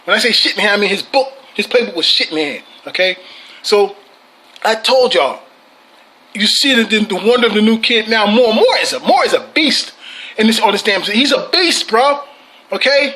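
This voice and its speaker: A man's voice: high voice, bright, forceful tone. A man hosting a fan channel, ranting about his team with heavy profanity, frequent repeats and laughter.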